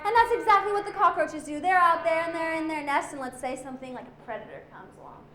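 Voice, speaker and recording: A woman's voice: very high-pitched, fast, a bit bright, echoey room. A woman presenting animals to a young audience as a zoo educator, playful and full of questions for the children.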